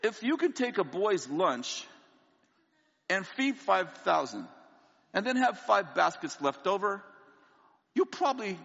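A man preaching a sermon, telling a funny personal story in an animated way and laughing often. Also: sits high, a little slow, vocal fry, long pauses, husky. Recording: long hall reverb, dull lo-fi sound.

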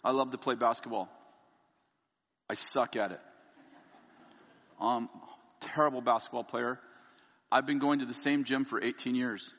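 A man preaching a sermon, telling a candid, self-mocking personal story and quoting people in lively voices. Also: medium pitch, unhurried, pauses often. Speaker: pastor. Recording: dull lo-fi audio with long hall reverb.

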